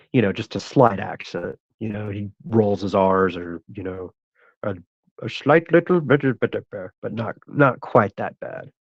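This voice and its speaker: A man's voice: on the low side, no room sound. A man hosting a show, telling a rambling, profane personal story and laughing at it. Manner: rambling, profane, laughs at his own stories. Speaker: host. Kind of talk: casual storytelling. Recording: dull, dry lo-fi sound.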